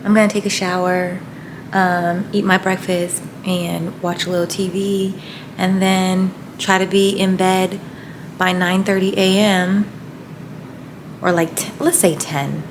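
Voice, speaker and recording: A young woman who works as a night-shift nurse, talking casually to camera in a vlog, excitable and quick to giggle. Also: reverberant. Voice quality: giggly and excitable, voice jumps high when moved. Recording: noisy background hiss.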